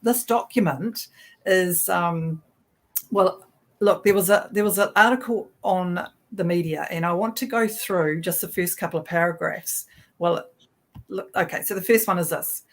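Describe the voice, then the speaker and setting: A woman with a New Zealand accent co-hosts a casual political livestream talk show, sounding chatty and sarcastic and often restarting her sentences. Her voice is lowish and her speed normal.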